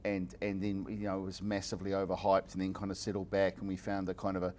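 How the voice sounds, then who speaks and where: A man's voice: sits low, completely flat delivery, quick pace, a little mellow, slight background noise. A man speaking casually and hesitantly, with many fillers and restarts. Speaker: executive creative director at an ad agency. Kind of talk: casual conversation.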